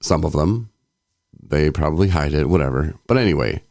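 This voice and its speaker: A man's voice: a bass voice, lively intonation, normal speed, darkish tone, dry recording, clean studio sound. A man co-hosting a recovery podcast, talking in a rambling way, laughing often and acting out quotes. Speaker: podcast co-host. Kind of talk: casual chat.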